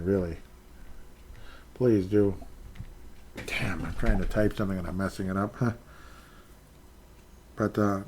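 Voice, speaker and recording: A man's voice: fairly low pitch, a little mellow. A man hosting his own podcast alone, rambling casually and earnestly thanking listeners over and over. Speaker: podcast host. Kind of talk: casual solo podcast chat.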